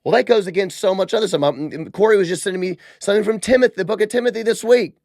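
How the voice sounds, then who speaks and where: A man hosting a podcast, giving casual religious commentary in an animated, sarcastic, conversational way. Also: sits high, quick pace, creaky, dry recording, clean studio sound. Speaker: podcast host.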